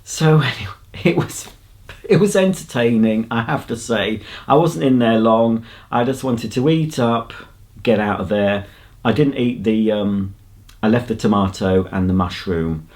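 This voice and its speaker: Brief: lower-pitched English man, chatty rambling vlogger. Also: moderate pace, darkish tone. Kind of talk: casual vlog chat. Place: outdoors on a countryside path.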